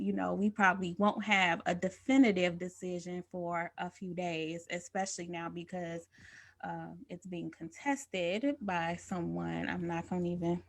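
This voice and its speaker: A woman co-hosting a live-streamed talk show, telling stories in a chatty, colloquial way and laughing often. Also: on the low side. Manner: informal, colloquial speech. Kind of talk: casual livestream chat.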